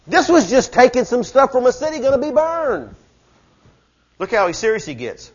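Brief high-pitched male pastor, fervent preaching from hush to shout, muffled church recording. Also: big pitch swings, moderate pace. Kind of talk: sermon. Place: church service.

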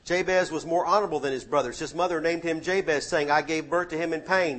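Middle-aged preacher, man, higher voice, punchy sermon delivery with booming and hushed swings. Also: fast, few pauses. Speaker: pastor.

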